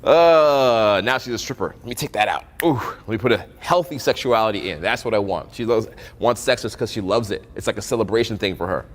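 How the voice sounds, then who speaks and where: A man's voice: on the low side, a little fast, hardly any pauses, big-room sound. A young man coaching on dating in a casual, profane storytelling style, acting out both sides of conversations.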